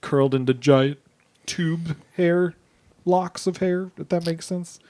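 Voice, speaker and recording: A man co-hosting a podcast, recapping in a relaxed, rambling way with lots of filler words. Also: on the high side, slow pace. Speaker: podcast co-host. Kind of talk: casual chat.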